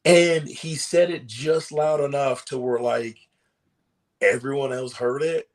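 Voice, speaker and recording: A male pro wrestler guests on a podcast, telling casual stories at a slow pace in a medium-pitched voice. He's animated and acts out the voices of the people in his tales.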